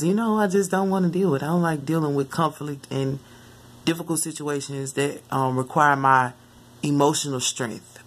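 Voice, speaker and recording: A mother telling the story of a dream in casual, rambling vlog talk, often jumping into lively quoted asides. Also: low voice. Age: adult mother. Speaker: spiritual vlogger.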